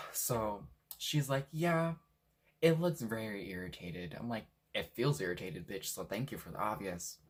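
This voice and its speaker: A young man from Washington State telling a story in a casual, animated way, swearing freely and acting out what people said. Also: on the low side, measured pace, breathy edge. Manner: animated, swears a lot, acts out quotes. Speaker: vlogger.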